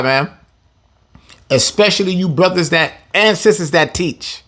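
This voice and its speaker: Animated, slangy male Bible teacher. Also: mid-range voice. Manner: animated, slangy, laughs often, reads verses then paraphrases. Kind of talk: informal scripture lesson.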